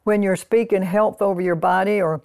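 A woman preaching a sermon, reading scripture slowly and then talking it through in a casual, conversational way with lots of "you know" asides. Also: medium pitch, steady tone, darkish tone, no room sound, studio quality. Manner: slows down to read scripture aloud.

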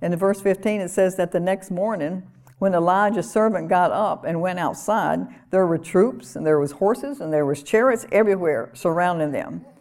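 A woman's voice: fairly low pitch, moderate pace, darkish tone. Earnest woman preaching a sermon. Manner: earnest, conversational preaching with small laughs and repeated phrases.

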